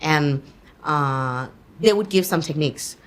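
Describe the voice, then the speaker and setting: A Thai-born woman whose first language is Thai, chatting in an interview as a guest, animated and quick to laugh, with plenty of fillers. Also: deep voice. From Thailand. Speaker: actor and guest. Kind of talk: casual interview chat.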